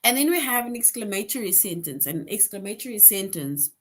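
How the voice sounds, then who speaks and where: A woman teaching a grade-school grammar lesson online. She explains patiently, keeps checking in with "right?", and slows down to stress example sentences. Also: mid-range voice, expressive. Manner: explains patiently, tag question "right?" after most points; reads example sentences slowly with emphasis.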